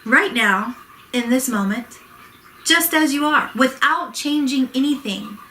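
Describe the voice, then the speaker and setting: A woman's voice: high voice, a little slow, sharp tone, a little hiss or hum, low-quality recording. Heated, swearing woman venting to camera. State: agitated, close to tears. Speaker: vlogger. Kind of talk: emotional personal rant to camera.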